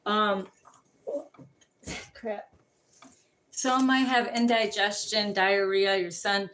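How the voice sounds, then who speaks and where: In a casual livestream tarot reading, a woman rambles from one topic to another and swears without restraint. Her mid-range voice is steady and a bit bright, and she talks slowly, pausing often. Slight background noise is audible.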